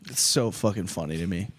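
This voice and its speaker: A man's voice: sits low, animated, normal speed, breathy edge, no room sound. A man hosting a podcast, riffing crude comedy bits with lots of laughter. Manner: loud laughing, riffing bits in silly voices. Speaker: podcast host.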